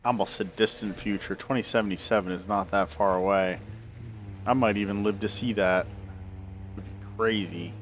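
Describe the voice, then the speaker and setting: A man's voice: lowish voice, steady tone, moderate pace, a little hiss or hum. Rambling man in his forties, hiccuping. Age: 40s. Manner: rambling, trailing off into tangents. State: hiccuping, swollen tongue. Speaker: gameplay video creator. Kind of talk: casual gameplay commentary.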